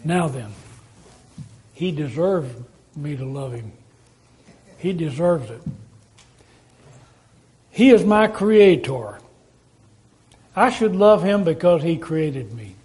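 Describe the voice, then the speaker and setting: A man with a high-pitched voice preaching a sermon. He keeps turning to his congregation with rhetorical questions and talks in a plain, conversational way. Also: expressive, slow pace, pauses often, a little mellow.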